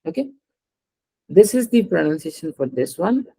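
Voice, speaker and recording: Husky-voiced man teaching a language lesson. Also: high-pitched, big pitch swings, normal speed, dark tone, rough recording. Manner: patient, explains step by step and prompts the student to read aloud. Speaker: French teacher.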